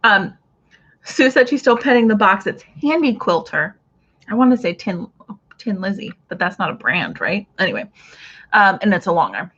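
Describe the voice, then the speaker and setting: A woman's voice: mid-range voice, very animated, normal speed, fairly bright tone, breathy edge, highs cut off. A woman hosting a casual craft livestream, chatting with viewers and reading out their comments as she goes. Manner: chatty, reads out viewer comments, trails off and restarts.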